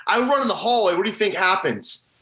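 A man's voice: high voice, fast, rough recording. A young man, a former college hockey player, telling a prank story in a casual interview and acting out his friends' lines. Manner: animated, acts out the voices of friends in his story.

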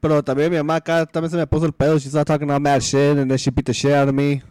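A man's voice: a little high, flat delivery, very fast, a little mellow, clear, resonant tone, no room sound. Blunt young man, profane casual banter. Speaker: podcast co-host. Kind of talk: casual chat.

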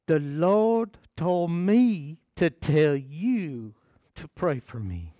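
A man voicing a devout, gentle elderly church mother with a Southern US accent, speaking slowly. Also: fairly high pitch, very animated, no echo, full character voice. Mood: earnest.

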